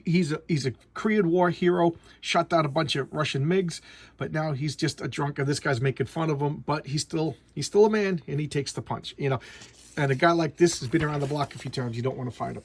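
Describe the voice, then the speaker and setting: A man's voice: a little high, husky. A man casually reviewing a comic book at home, talking in a chatty way with many stumbling restarts.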